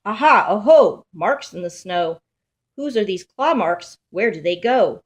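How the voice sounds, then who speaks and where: A woman's voice: lowish voice, lively intonation, unhurried. A woman voicing a small, curious young female monster who asks eager, questioning things in a sing-song way. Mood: excited.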